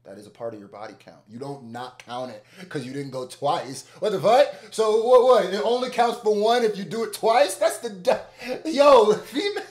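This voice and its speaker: Guy reacting to a track, voice jumps all over, pitched a bit high, roomy echo. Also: normal speed, few pauses. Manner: animated, laughing, swinging between loud outbursts and low muttering. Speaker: reaction video host. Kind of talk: casual commentary reacting to a song. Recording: echoey room.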